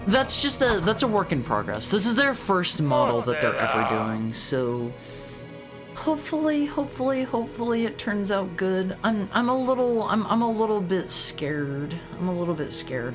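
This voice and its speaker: A man streaming, chatting casually in an animated way, often restarting and repeating words. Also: a little high.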